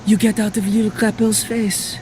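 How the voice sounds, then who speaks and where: A man's voice: high voice, level tone, normal speed, darkish tone, slight background noise, natural voice. An actor playing a boastful male French rapper who lives as a toilet, rhyming and bragging in a French accent. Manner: boastful, raps and beatboxes in rhyme.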